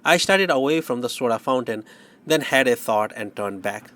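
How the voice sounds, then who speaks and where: A male audiobook narrator telling a story in first person. His delivery is measured and wry, with a mid-pitched, even voice.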